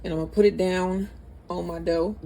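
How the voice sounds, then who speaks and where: Speaking in a lowish, steady, brisk voice with a warm tone, this cooking channel host from St. Louis chats with viewers in her home kitchen. She addresses them as y'all and often laughs at herself, and the home recording picks up a fair bit of noise.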